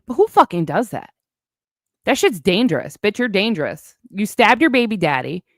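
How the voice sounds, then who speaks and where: A woman's voice: medium pitch, very animated, normal speed, no echo, clean studio sound. A woman in a heated, profane livestream rant, sarcastic as she calls out her online critics. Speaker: streamer addressing online critics.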